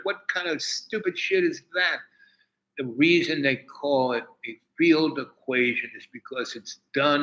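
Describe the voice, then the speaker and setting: Older male streamer, rambling and profane, bright forward voice. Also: fairly high pitch, rough recording. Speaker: livestream host. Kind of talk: casual storytelling.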